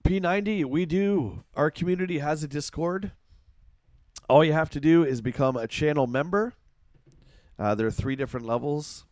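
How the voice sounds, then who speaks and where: A man's voice: a little high, normal speed, a little mellow, no room sound, studio quality. Chatty Canadian man streaming games. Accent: Canadian, Ontario. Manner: chatty, reads chat aloud, reacts to gameplay. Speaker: game streamer. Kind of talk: casual live-stream chat.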